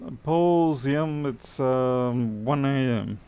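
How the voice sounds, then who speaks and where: A man's voice: mid-range voice, slow pace, few pauses, dark tone, clean tone. A tired man streaming a late-night electronics repair, muttering as he works and answering live chat with dry, self-deprecating remarks.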